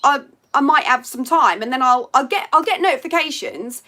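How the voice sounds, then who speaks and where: A woman's voice: sits high, expressive, moderate pace, sharp tone. A woman hosting a casual live stream from home by a window, chatting to viewers in a rambling way and reading out their comments.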